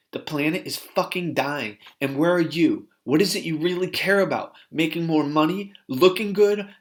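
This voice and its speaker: A man voicing a furious woman shouting at men. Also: close to an everyday voice. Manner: shouting, accusing, rising in pitch.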